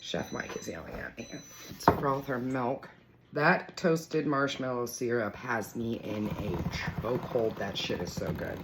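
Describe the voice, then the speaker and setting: A woman's voice: a bass voice, expressive, measured pace. A young woman chatting casually in her home kitchen for a morning coffee vlog, playful and talkative, cooing at her cat now and then. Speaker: vlogger. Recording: noisy home kitchen recording.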